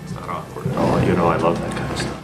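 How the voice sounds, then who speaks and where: A man who is a radio reporter, asking questions at a press conference in a measured, probing way. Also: low voice, completely flat delivery, roomy sound, over loud music.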